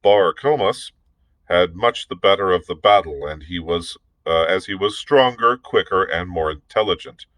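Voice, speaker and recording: A male librarian reads a novel aloud at a measured, deliberate pace, now and then tripping on a word and starting it again. His voice sits low, and the recording is close and dry, with no echo around him. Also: a bit bright. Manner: measured, deliberate reading with small slips and restarts.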